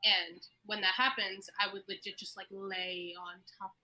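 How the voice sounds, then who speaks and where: A woman's voice: mid-range voice, flat delivery, normal speed, pushed and bright, low-quality recording. A woman in her twenties co-hosting a podcast, speaking candidly in casual chat. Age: 20s. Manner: candid, laughs easily. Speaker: podcast co-host.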